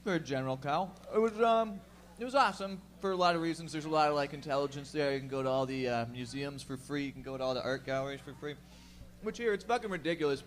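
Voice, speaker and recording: A man's voice: fairly high pitch, quick pace. A man chatting casually as a podcast guest, rambling and swearing freely. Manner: profane, rambling. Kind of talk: casual chat.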